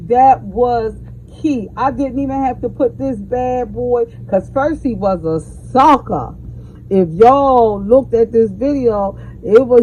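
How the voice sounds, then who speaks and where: A woman's voice: sits high, mellow, a little hiss or hum, low-quality recording. A woman hosting a casual cooking vlog, tasting her dish and talking effusively to viewers, with savoring hums between bites. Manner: effusive, calls viewers baby and y'all; savoring mm sounds while eating. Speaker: home cook and channel host.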